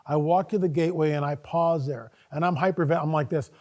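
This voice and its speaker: A man guest on a talk show, telling a personal story in a casual, animated way and acting out his own dialogue. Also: fairly high pitch, fairly quick. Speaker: guest speaker.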